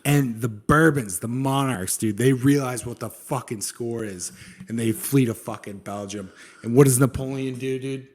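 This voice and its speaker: A man's voice: mid-range voice, normal speed, darkish tone. A young man co-hosting a podcast, telling history in a casual, profane, slangy way and saying "dude" a lot. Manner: slangy and profane, says "dude" often, acts out quotes. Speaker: podcast co-host.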